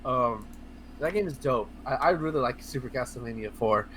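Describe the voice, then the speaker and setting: A man co-hosting a casual video game podcast, talking in a rambling, excitable way with lots of fillers, restarts and swearing. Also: medium pitch, normal speed, a crowd in the background. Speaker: podcast co-host. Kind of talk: casual podcast chat about video games.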